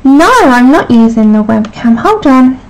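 A woman's voice: on the high side, lively intonation, unhurried, a little mellow. A woman hosting a casual live stream, chatty and apologetic while she fixes her sound. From United Kingdom. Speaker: livestream host.

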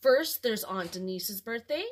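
A woman's voice: medium pitch, expressive, a little slow. A woman voicing a patient mother explaining things in a storybook reading.

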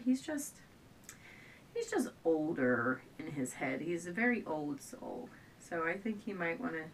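Indoors at home, a young expectant mother chats loosely to her camera for her vlog, wandering between thoughts, starting sentences over, and frequently sounding short of breath. The mic picks her up from a bit of a distance, with a faint low rumble underneath.

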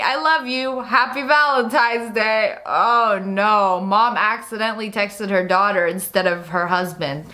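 A woman's voice: medium pitch, fairly even intonation, measured pace, few pauses, bright, forceful tone, soft background music. A young woman hosting a video, reading funny texts aloud and reacting with frequent laughter and mocking voices. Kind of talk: casual reaction commentary.

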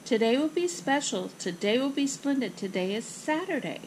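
A woman's voice: high-pitched, very animated, moderate pace, a little hiss or hum, rough recording. A woman reading as a soothing storybook mom. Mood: reassuring. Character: warm, upbeat mother, easily flustered.

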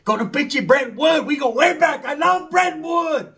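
A man's voice: extremely high pitch, lively intonation, normal speed, fairly bright tone. A man doing a rambling, slangy comedy monologue, mixing in Spanish words.

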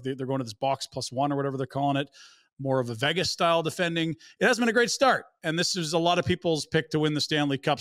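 A man co-hosting a sports podcast, laying out context and numbers in a measured, even-handed way. His voice sits a bit higher than most men's and is recorded dry and close. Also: no echo. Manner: measured and analytical, gives context and stats. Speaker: podcast co-host. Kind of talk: casual sports podcast chat.

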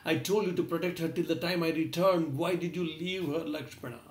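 Man voicing a heartbroken prince, raised and lamenting, pitched up, echoey room. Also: steady tone, fairly quick, natural voice. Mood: grieving lament. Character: grief-stricken prince weeping for his lost wife.

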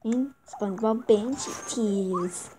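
A woman reading a game's text aloud at a slow, easy pace, with sudden excited outbursts. Her voice sits fairly high and sounds mellow rather than bright. Light game music plays softly under her close-mic commentary. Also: rough recording. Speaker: gameplay video host. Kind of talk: casual let's-play commentary.

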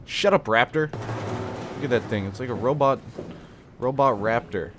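A man's voice: medium pitch, unhurried, noisy background. A man doing gameplay commentary on a horror game, joking to himself and blurting startled exclamations. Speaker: let's play host. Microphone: desk mic with face cam.

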